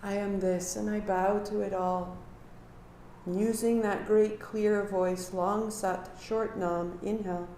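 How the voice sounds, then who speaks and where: A woman teaching a live kundalini yoga class, giving calm movement cues and sharing earnest reflections. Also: mid-range voice, slow, a little hiss or hum. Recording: echoey room.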